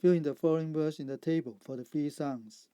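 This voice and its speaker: A man teaching English pronunciation, reading out sounds and example words one at a time in a measured instructional narration. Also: on the high side, fairly even intonation, mellow, clear, resonant tone, no echo. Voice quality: measured, deliberate word-by-word delivery. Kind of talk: slow instructional narration over slides.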